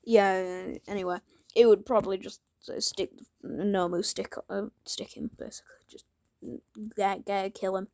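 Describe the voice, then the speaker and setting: A woman rambling through a fan theory in a casual monologue, often restarting her sentences and sometimes whispering asides. Her voice has a gravelly fry, and the recording is dry and close. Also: mid-range voice, level tone, unhurried, dark tone, no room sound. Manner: rambling, self-interrupting, drops into whispers. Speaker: fan theorizing about a crossover.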